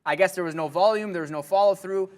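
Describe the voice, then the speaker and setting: A man talks through live trades on a day-trading broadcast, keeping it loose with plenty of fillers. His voice sits slightly higher than most men's. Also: quick pace. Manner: casual, loose, many fillers.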